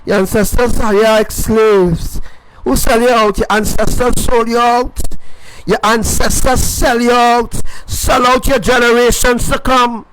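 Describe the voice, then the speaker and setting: A man preaching on a livestream, repeating phrases and rising to shouts. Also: extremely high pitch, level tone, unhurried, a little hiss or hum, rough recording. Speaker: self-styled prophet preacher.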